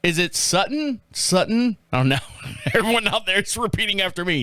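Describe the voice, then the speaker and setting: A man with a high, bright voice that swings all over the place, hosting a casual podcast. He jokes crudely and laughs at his own lines. The sound is dry and close to the mic. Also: very animated, moderate pace, no echo. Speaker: podcast host. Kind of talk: casual comedic commentary.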